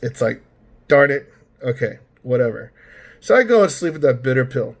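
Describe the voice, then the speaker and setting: A man's voice: medium pitch, big pitch swings, moderate pace. A man vlogging a rambling, exasperated rant about his personal experience, full of fillers and restarts. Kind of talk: ranting personal story.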